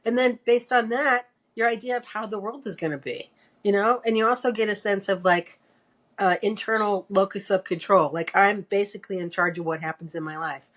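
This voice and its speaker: Woman with a mid-pitch voice walking through an idea, chatty and explaining. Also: a little fast, fairly bright tone. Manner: explanatory, talks through ideas at length. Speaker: podcast co-host. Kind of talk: casual chat.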